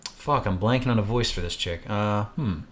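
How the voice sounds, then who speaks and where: Lowish-voiced joking man playing a game. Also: moderate pace. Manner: joking, irreverent. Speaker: game player voicing characters. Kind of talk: let's-play narration with voiced dialogue.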